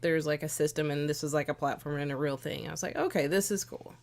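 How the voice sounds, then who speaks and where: Relaxed, teasing woman with a lowish voice. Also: quick pace, creaky. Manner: relaxed, teasing, laughs easily. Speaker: podcast guest, host's wife. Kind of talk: casual conversational storytelling.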